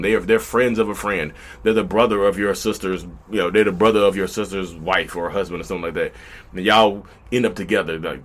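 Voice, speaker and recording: A man, hosting a podcast in a casual, animated monologue. He rattles along at a brisk clip, talking straight to his listeners and slipping into quoted voices. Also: lowish voice. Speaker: podcast host.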